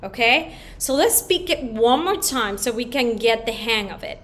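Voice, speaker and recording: A woman's voice: a little high, lively intonation, moderate pace, hardly any pauses, fairly bright tone. A woman from the Dominican Republic teaching children a song online, upbeat and leading call-and-response. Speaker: choir teacher.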